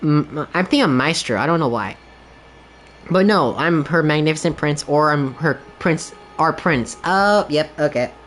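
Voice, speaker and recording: A man's voice: a little high, animated, moderate pace, fairly bright tone, soft background music. A young man streaming a game, chatting casually in a rambling, candid way, leaning heavily on the filler "like". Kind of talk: casual chat while gaming.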